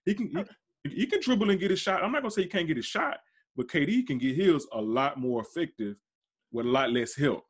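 Fast-talking man in heated sports chat. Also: a little high, expressive, slightly rough. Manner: fast, emphatic, slangy, rising sharply when insisting. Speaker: podcast host. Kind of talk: casual sports debate.

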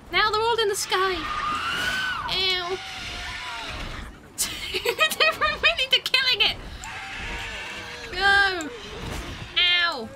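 A woman streamer giving casual gaming commentary, giggly and excitable, often breaking into shrieks. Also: very high-pitched. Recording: noisy stream audio.

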